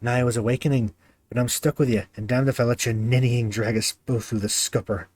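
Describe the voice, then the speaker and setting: A man's voice: mid-range voice, fairly even intonation, brisk, a little mellow, no room sound, lightly acted. A man doing a brash, scornful spirit woman. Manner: brash, scornful, old-fashioned dialect. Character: fierce old-soul woman inside a young man.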